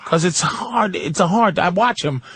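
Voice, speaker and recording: An American man telling a story in casual chat, profane and animated, often mimicking the voices of others. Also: high voice, normal speed, breathy edge, no echo. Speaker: radio show guest comedian.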